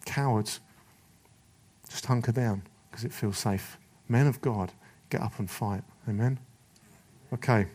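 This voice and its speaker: A middle-aged man preaching a rallying sermon to men, forceful and urgent, slipping into little voices to act out excuses. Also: lowish voice, measured pace, long pauses, breathy edge.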